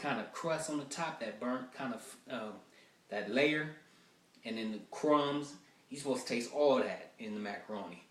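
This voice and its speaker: A man working through rough stand-up material in a loose, rambling way, acting out the people he talks about. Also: mid-range voice, reverberant, recorded from a distance. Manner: loose, rambling, acts out quoted voices. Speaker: stand-up comedian. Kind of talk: rough-draft stand-up rehearsal.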